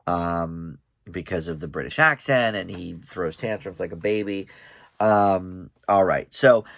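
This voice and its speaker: A man's voice: lowish voice, fairly bright tone, dry recording, studio quality. Chatty man recapping a TV show. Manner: chatty, hesitant with many ums and restarts. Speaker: reaction video host. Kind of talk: casual recap commentary.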